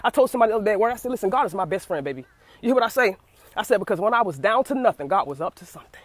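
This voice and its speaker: A young woman gives a fervent preaching testimony at medium pitch, expressive and racing, with no room sound. She repeats phrases and keeps calling out to her listeners, "you hear what I say?"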